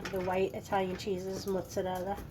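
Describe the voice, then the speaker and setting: A woman's voice: mid-range voice, monotone, fairly quick, background noise. A woman hosting a cooking video, chatting casually in a playful, joking way while she works in her home kitchen. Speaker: cooking vlogger.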